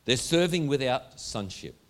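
A man's voice: mid-range voice, animated, unhurried. A man preaching a sermon to a congregation in a church, emphatic and driving home his points with repeated rhetorical questions. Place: church hall before a congregation.

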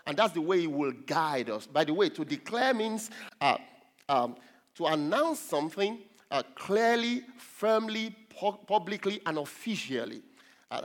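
A man preaching a sermon in an emphatic way, rising to loud stresses on scripture quotes, with pauses and fillers, in a church hall. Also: on the high side. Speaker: pastor. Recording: long hall reverb.

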